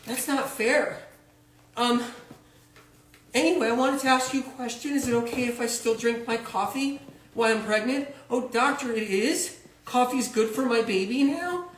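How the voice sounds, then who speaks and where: A man's voice: very high voice, a bit bright, slight background noise, voice pushed up, exaggerated voice. A man voicing an anxious pregnant woman who phones her doctor and questions him in shocked, indignant disbelief. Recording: roomy echo.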